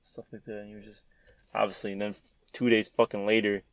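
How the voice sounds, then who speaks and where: A man's voice: lowish voice, flat delivery, a little fast, no room sound. A young man in casual chat, telling a story with lots of swearing, acting out quotes and laughing often.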